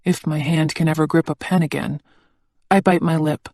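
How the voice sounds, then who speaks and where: A woman's voice: low-pitched, fairly even intonation, moderate pace, darkish tone, no room sound. Woman narrating intimately in a dry booth. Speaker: audiobook narrator. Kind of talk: first-person scripted narration.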